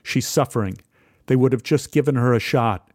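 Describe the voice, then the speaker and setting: A man's voice: medium pitch, normal speed, no room sound, clean studio sound, natural voice. A man voicing his grown son, who speaks bluntly and carefully but cares. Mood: concerned. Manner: careful, forceful.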